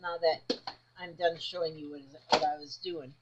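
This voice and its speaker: A woman's voice: low voice, fairly even intonation, normal speed, lo-fi sound, heavy background noise. A woman chatting casually about her quilting fabric, rambling and talking half to herself. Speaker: crafting vlogger. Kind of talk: casual crafting vlog.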